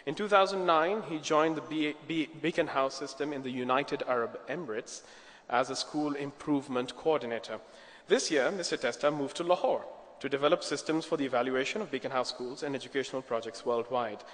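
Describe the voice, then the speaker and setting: A man's voice: mid-range voice, a little fast, a bit bright. A man moderating a conference and introducing the next speaker, talking conversationally with polite asides. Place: large conference hall. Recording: echoey hall, long reverb.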